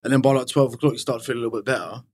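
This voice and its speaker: A man's voice: mid-range voice, fairly even intonation, rapid-fire, darkish tone. A man talking frankly as a podcast guest in casual conversation, rambling and swearing freely, with lots of "you know".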